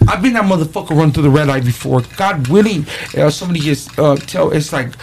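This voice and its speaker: A man telling profane, animated street stories in casual talk. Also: fairly high pitch, fast, gravelly, a little hiss or hum. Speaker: podcast guest, rapper. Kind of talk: casual storytelling.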